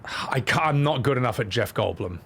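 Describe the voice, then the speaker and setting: Joking male streamer, lively pitch. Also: brisk, gravelly, a little hiss or hum. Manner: joking, chatty, talks to chat. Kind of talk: casual streaming commentary.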